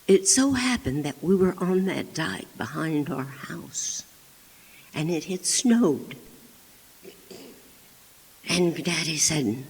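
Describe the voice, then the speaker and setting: A woman storyteller performing a childhood tale live, animated, with sound effects and hushed whispered asides. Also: low voice, slow pace, long pauses, husky. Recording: echoey hall with long reverb.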